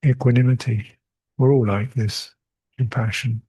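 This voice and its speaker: Older male monk teacher, husky and unhurried, reflective retreat talk, chuckles, repeats phrases. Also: mid-range voice, fairly even intonation, warm tone. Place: meditation retreat hall.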